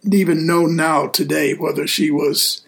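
A male deacon hosts a relaxed talk show, his voice a touch higher than most men's and gravelly. He speaks earnestly and unhurriedly, often pausing with "uh" as he gathers his thoughts. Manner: easygoing, earnest, pauses often with "uh". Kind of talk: casual radio show chat.

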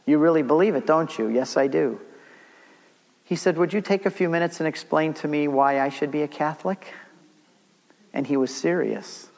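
A man's voice: on the high side, moderate pace, creaky, long pauses. A middle-aged man giving a storytelling church talk, acting out the dialogue as he goes. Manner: animated storyteller, acts out dialogue. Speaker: Catholic speaker giving a talk. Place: church hall. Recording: long reverb of a large hall.

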